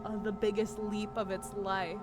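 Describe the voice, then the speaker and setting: A woman streaming a video game live, chatting with viewers and breaking into loud yells and laughter. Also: mid-range voice, moderate pace, over music. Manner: animated, bursts into yelling and laughter. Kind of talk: live gameplay commentary.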